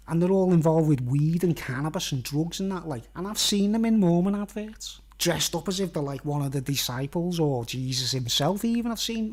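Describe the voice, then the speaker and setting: Rambling middle-aged Englishman, slightly high voice. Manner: meandering, repeats "you know what I mean", restarts phrases. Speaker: vlogger. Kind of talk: rambling monologue to camera.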